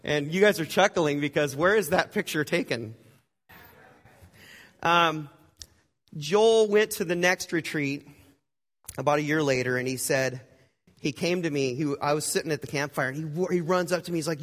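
A male pastor telling a story in a sermon, in a conversational way, acting out the voices he quotes and swinging between loud and hushed. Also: on the high side, moderate pace, long pauses. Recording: long hall reverb.

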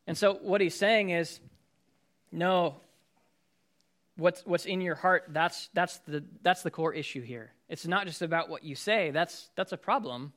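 A man's voice: on the high side, a little slow, fairly bright tone. A man, a pastor, preaching a sermon in a conversational way, acting out everyday scenes with sudden outbursts.

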